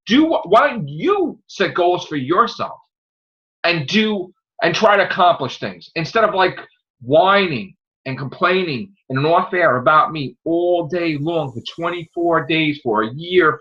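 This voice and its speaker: A man's voice: a little high, expressive, measured pace, sharp tone. A man hosting a podcast, ranting in a profane, combative and repetitive way while getting over an illness. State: recovering from illness. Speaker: podcast host. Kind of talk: casual podcast rant. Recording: muffled lo-fi podcast audio.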